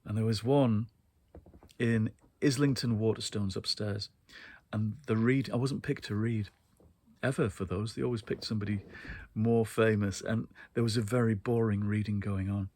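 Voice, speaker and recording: A man's voice: on the low side, fairly even intonation, normal speed, darkish tone. Wry man telling anecdotes. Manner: chatty, wry, frequent laughs and ums. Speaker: host. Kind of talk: casual anecdotal monologue.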